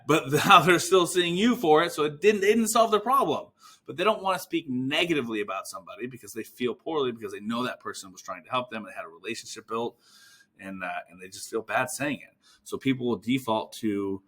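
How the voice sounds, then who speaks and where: A man's voice: medium pitch, lively intonation, a little fast, bright, forceful tone. A man coaching physical therapists on sales calls, energetically acting out both sides of example conversations. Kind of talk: instructional talk with role-played call examples.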